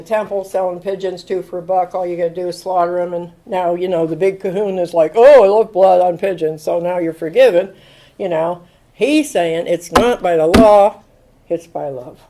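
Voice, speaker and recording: A woman in her sixties tells her story at a recovery meeting, her voice sitting at a middle pitch. She acts out the quotes as she goes, laughing often along the way. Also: mellow, poor audio. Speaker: AA speaker.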